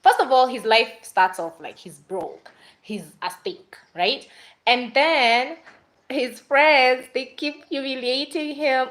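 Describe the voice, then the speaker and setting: A woman's voice: sits high, slow, fairly bright tone, poor audio. A young Kenyan woman chatting casually on a livestream about movies she watched, rambling and dropping Swahili fillers. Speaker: vlogger reviewing movies.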